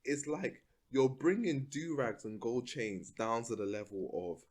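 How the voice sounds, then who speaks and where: A man's voice: medium pitch, lively intonation, unhurried, darkish tone. A man co-hosting a podcast, chatting casually with laughing disbelief. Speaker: podcast co-host. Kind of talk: casual chat.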